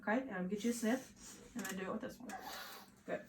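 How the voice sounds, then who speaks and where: A woman who is a nursing student, narrating a physical assessment step by step with steady, instructive directions. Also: mid-range voice, fast talker, slight background noise. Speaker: nursing student performing an exam. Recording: echoey room with faint ambience.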